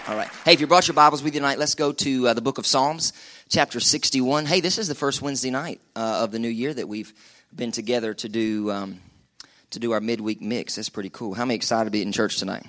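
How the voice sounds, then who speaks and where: A middle-aged man preaching a lively live sermon in a church. He jokes, chats and calls on the congregation to answer back. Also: medium pitch, quick pace. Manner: joking, chatty, calls for crowd response. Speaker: pastor.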